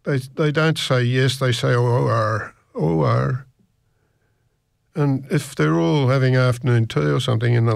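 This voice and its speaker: Male radio presenter, slow and rambling, gravelly and creaky, close dry studio sound, chatty between tracks. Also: mid-range voice, no room sound. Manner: slow, meandering, with many restarts. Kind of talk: casual rambling radio chat.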